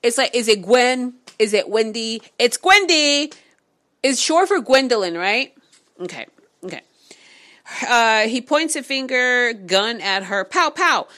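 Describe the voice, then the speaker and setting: A woman reading a novel aloud on camera, breaking off into excitable, swearing reactions. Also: on the high side, measured pace. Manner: animated, swearing, excitable asides. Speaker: book reader vlogger. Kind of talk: casual read-aloud with reactions.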